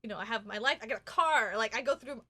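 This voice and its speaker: Young adult woman, podcast co-host. High, bright, animated storyteller. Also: quick pace. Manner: animated, laughs often, acts out quotes loudly. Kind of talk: casual storytelling chat.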